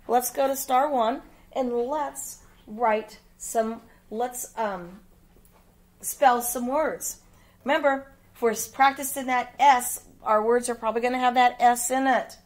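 Midwestern woman, grade-school phonics teacher, unhurried and deliberate, spells words letter by letter. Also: on the high side. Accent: American Midwest. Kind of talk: phonics lesson for young children.

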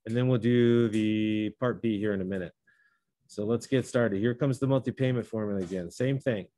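A man's voice: fairly low pitch, normal speed, dark tone, no echo. A man teaching a math lesson, talking through each step and correcting himself as he goes. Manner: talks through steps, self-correcting. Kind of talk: classroom lesson.

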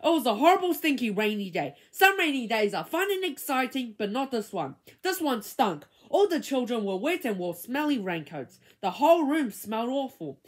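A woman reads a children's book aloud with dramatic, expressive storytelling. Her voice is high and swings widely in pitch, rising and falling to build each moment. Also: normal speed, few pauses, husky. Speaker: reader.

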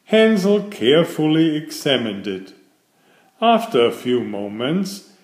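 Slow, expressive fairytale narrator man. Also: medium pitch. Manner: slow, expressive storybook reading. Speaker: storyteller. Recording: echoey room.

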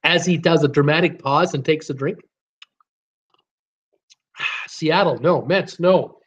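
A man's voice: on the high side, slow, slightly rough. A man hosting a casual live-stream trivia game, chatty, reading out viewer names and answers with lots of fillers.

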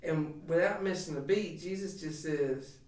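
A man with a fairly high voice preaches on a podcast, building emphatic and animated with lots of restarts. He sounds set back from the mic in an echoey room. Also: unhurried, distant mic. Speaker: pastor. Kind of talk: podcast sermon talk.

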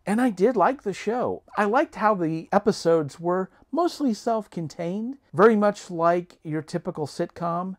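A man's voice: sits high, animated, measured pace. A man vlogging an opinionated TV review monologue, earnest and emphatic, reasoning point by point.

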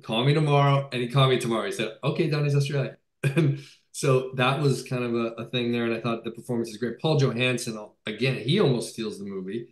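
A man's voice: mid-range voice, a little fast. A male film director in a casual video-call interview, talking enthusiastically with many fillers and restarts. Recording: roomy echo.

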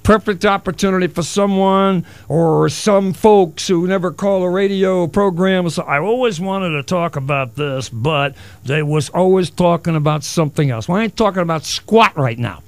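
A man's voice: sits high, normal speed, hardly any pauses, no echo. A middle-aged man hosting a solo radio talk show, rambling and wisecracking with self-mocking asides. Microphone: studio broadcast mic.

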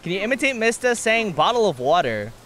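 A man's voice: sits high, very animated, brisk, noisy background. A man hosting his own gaming stream, chatting playfully with a guest, teasing and giggling a lot. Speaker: streamer and host. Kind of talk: casual gaming stream chat.

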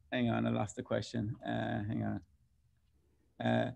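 Irish guy moderating a panel q and a, casual and halting. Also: medium pitch, monotone, vocal fry. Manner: casual, halting, reads out audience questions.

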